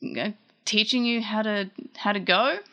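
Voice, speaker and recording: A woman's voice: mid-range voice, unhurried, a bit bright, dull audio. A woman voicing a touchy, defensive male wizard creature with amnesia, pained and exclaiming.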